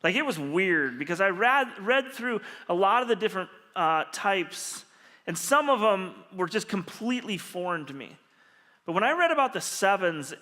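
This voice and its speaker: A man preaching as a pastor, telling stories in an animated, humorous way. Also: sits high. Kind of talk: storytelling sermon. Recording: long reverb of a large hall.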